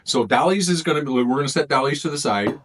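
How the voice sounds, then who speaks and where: A man's voice: medium pitch, animated, fast, background noise. Chatty man rambling through a taste test. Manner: rambling, thinks aloud between bites. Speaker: food reviewer. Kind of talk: casual taste-test vlog.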